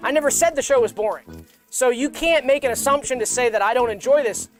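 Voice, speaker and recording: A man co-hosting a comedy livestream, rambling in a mock-earnest deadpan and repeating himself. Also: extremely high pitch, a little fast, soft background music. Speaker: co-host.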